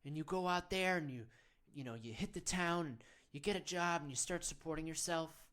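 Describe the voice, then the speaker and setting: A man's voice: fairly high pitch, fairly quick, a bit bright, close to an everyday voice. A man playing a self-serious male men's-wellness guru, leading a parody of a guided meditation in an earnest, coaxing, rambling way.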